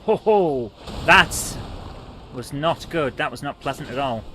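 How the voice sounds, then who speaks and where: A man streaming a retro game live, chatting with viewers in a joking manner and reacting loudly to the gameplay. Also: mid-range voice, lively intonation, measured pace, slight background noise. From Britain. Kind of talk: casual live-stream chat, reading chat aloud.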